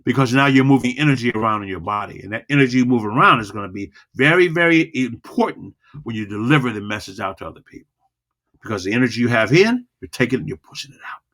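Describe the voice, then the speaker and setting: An energetic man teaches public speaking in a video lesson, speaking directly to the viewer. His pitch rises and falls freely and his voice rings bright and forceful. He repeats phrases over and over to drive his points home. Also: quick pace. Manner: energetic, repetitive, demonstrates vocal dynamics.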